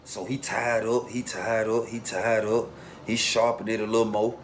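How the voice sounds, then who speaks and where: A man casually telling a long story in a relaxed street way, acting out the voices of the people in it. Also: fairly low pitch, moderate pace, a little hiss or hum. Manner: laid-back street storytelling, acts out quotes.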